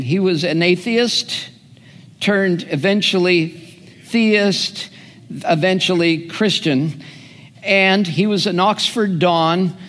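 A man preaching a sermon as a pastor, telling stories earnestly with drawn-out pauses. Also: high voice, a bit bright. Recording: long hall reverb.

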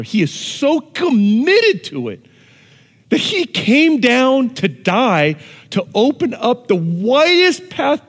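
A pastor giving a sermon, telling stories and moving between hushed and loud, emphatic passages. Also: male voice, on the high side. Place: church hall with an audience. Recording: long reverb of a church hall.

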